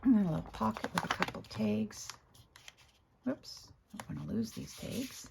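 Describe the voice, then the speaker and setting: A woman with a hoarse morning voice, chatting casually as she shows her craft work, often clearing her throat and correcting herself. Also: medium pitch, wildly swooping pitch, normal speed, background noise. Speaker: craft video host. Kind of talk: casual crafting show-and-tell.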